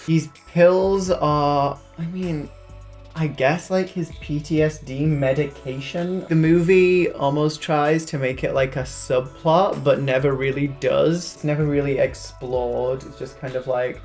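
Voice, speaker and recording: A man with a northern English accent giving a sarcastic, animated movie review in a casual vlog. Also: fairly high pitch, slow, faint music behind. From northern England. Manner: sarcastic, animated storytelling with mocking asides.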